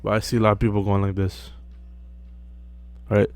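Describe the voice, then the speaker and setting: A young man giving casual self-improvement advice to camera, relaxed and full of fillers, often checking in with "right?". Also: fairly low pitch, moderate pace. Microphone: close mic.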